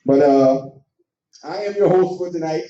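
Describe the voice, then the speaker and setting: A man's voice: fairly high pitch, a little slow, dark tone. A man hosting an open mic night, hyping the crowd with stand-up emcee banter. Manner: hypes the crowd, sings a few lines. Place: comedy club stage. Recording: echoey club heard from far off on a dull mic.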